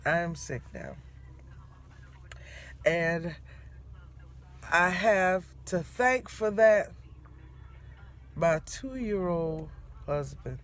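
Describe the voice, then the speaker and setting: Middle-aged woman, grandmother, unhurried delivery, bright forceful tone, lively storytelling with laughs. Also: fairly low pitch. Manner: animated, laughing, dramatic storyteller. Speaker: grandmother telling a family story. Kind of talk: casual storytelling to camera.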